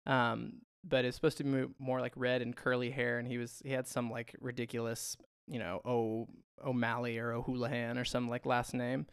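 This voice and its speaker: Podcast guy rambling and chuckling, gravelly voice, dry close mic. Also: mid-range voice, little pitch movement, normal speed, few pauses, no echo. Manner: chatty, laughs often, trails off with fillers. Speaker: podcast co-host. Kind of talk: casual chat.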